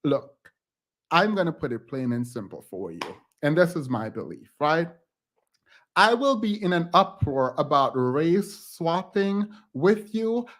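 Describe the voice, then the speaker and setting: Sassy, emphatic male commentator. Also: a little high. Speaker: commentary channel host. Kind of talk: reaction commentary.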